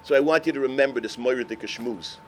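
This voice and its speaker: An older man, a rabbi, telling stories in a sermon, swinging from shouts to hushed words. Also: mid-range voice, fast talker, a little hiss or hum. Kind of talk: sermon storytelling.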